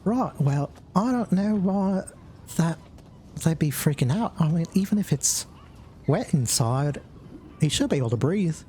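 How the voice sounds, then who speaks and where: A man's voice: on the high side, animated, unhurried, dark tone, slight background noise, pitched above the performer's own voice. A man voicing a fussy male bunny technician with a put-on accent, chatty and puzzled as he mutters to himself.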